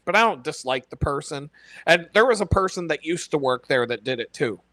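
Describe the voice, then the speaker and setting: A man hosting a casual live stream, talking in an animated, profane way and laughing often. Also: on the high side, dry recording.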